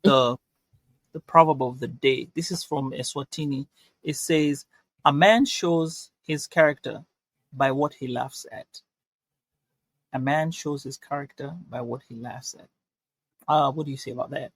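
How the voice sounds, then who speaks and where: A man co-hosting a podcast in casual chat, thinking aloud in a halting way. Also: mid-range voice, husky, dry recording. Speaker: podcast co-host.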